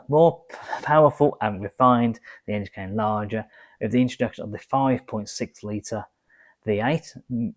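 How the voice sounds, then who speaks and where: A man talking through his own car vlog in a relaxed, chatty way. He reads out quiz questions and answers, then breaks off to add his own casual asides. His pitch sits in an ordinary middle range. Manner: chatty, adds asides while reading. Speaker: car vlogger.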